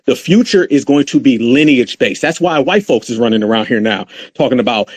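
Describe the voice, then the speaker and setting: A man's voice: medium pitch, expressive, a little fast, few pauses. A middle-aged man with an African American English accent, hosting a heated, profane political rant show. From United States. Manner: heated, profane, preacher-like ranting. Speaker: commentary show host.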